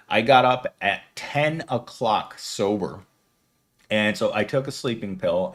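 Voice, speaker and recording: A man in his thirties hosting a casual live stream at home, rambling and giggling as he answers viewer comments. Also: on the low side. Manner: rambling and giggly, talking to chat. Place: at home, streaming without camera.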